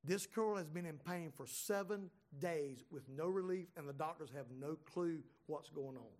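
A firm, protective middle-aged mother, played by a man retelling a story, speaks bluntly and leaves no room to argue. The voice is high, and her delivery is insistent. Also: normal speed, a little mellow, lightly acted.

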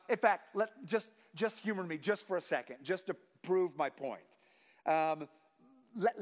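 A man preaching a sermon to his congregation, reading scripture slowly with emphasis and praying in a softer voice. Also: high-pitched. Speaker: pastor. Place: church sanctuary. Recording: long reverb of a large hall.

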